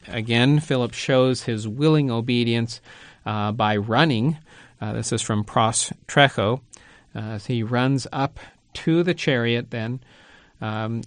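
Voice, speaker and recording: A man teaching biblical Greek in a lecture, reading the text and explaining it word by word, pausing often with ums and uhs. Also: medium pitch, no room sound. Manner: slow and halting, many ums and uhs; reads Greek words slowly and carefully.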